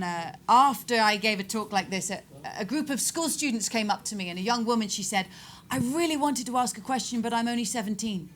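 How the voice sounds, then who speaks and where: A woman in her forties speaks at a public debate with an emphatic, rhetorical delivery. Her pitch sits in a middle range for a woman. A faint hum runs behind her. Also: a bit bright. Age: 40s. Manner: emphatic, rhetorical, acts out quoted voices. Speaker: author and debate guest.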